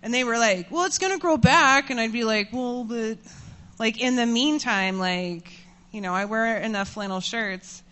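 A woman in her thirties telling a personal story to an audience, candid and self-mocking, laughing often and getting animated as she tells it. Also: on the high side, a little slow, clean tone. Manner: animated, voices rising when furious.

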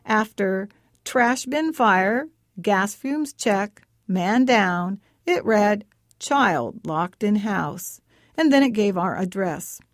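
Expressive woman reading her own story. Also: mid-range voice, takes it slowly, no room sound, clean studio sound. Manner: expressive, voices the characters' lines with lively shifts. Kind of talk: first-person story reading.

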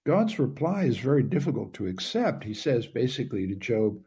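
A man being interviewed as an author, answering in a thoughtful, measured way and voicing the questions he quotes with feeling. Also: mid-range voice, big pitch swings, mellow, breathy edge. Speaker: author guest.

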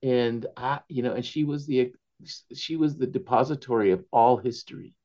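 A man's voice: medium pitch, moderate pace, dull audio. An older man from Tijuana telling personal stories in an interview, reflective and often chuckling as he talks. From Mexico, Tijuana. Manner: warm, chuckling, reflective storyteller. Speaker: novelist guest. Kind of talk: conversational storytelling interview.

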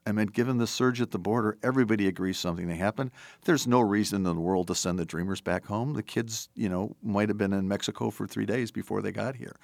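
An older American man, a podcast host and former congressman, talking politics in an animated, emphatic way. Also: on the low side, vocal fry, dry recording. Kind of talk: political interview talk.

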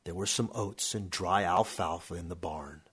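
A man reading a story aloud in a steady, measured narration. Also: low voice, husky.

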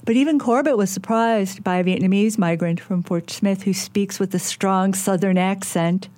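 A woman radio reporter reading scripted news narration in a measured, clear way. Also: medium pitch, a little mellow, dry recording.

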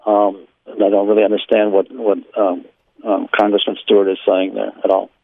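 A man's voice: on the low side, completely flat delivery, brisk, creaky, no room sound. Man, guest on a phone line, tinny, dry sound, blunt, frank, filler ums. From Israel. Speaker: guest, law professor. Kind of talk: radio interview. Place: his home near Jerusalem.

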